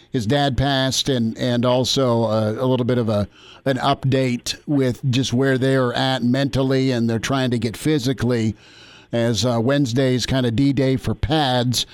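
Upbeat sports radio host. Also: male voice, medium pitch, level tone, no echo. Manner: upbeat, casual, quick ad reads.

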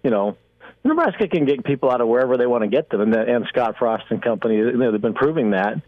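A man's voice: mid-range voice, animated, quick pace, dry recording. A man calling in to a sports radio show as a guest analyst, wry and rambling with many fillers. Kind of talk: sports talk radio call-in. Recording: tinny phone line.

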